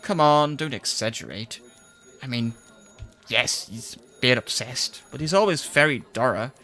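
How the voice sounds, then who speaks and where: A man's voice: medium pitch, measured pace, pushed and bright, soft background music. A man playing an eager young reporter. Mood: earnest.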